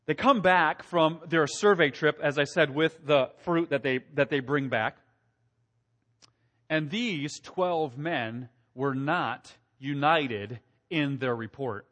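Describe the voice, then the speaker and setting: A man preaching a sermon, animated, asking the congregation questions and acting out quotes in a raised voice. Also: a little high, takes it slowly. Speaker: pastor.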